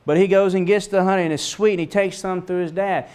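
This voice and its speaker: Man, middle-aged, Bible teacher, lively storytelling, acts out the voices, smooth clear voice. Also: quick pace, few pauses. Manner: storytelling, acts out voices with big pitch swings.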